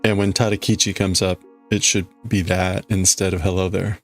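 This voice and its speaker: With faint music playing, a livestream host talks in a low-pitched, level voice at normal speed. He rambles through casual conversation with viewers, regularly restarting what he's saying.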